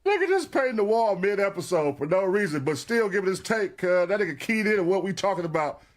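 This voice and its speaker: A man's voice: high-pitched, big pitch swings, fast. A man in a clip, bantering casually and mocking someone in slangy, profane talk.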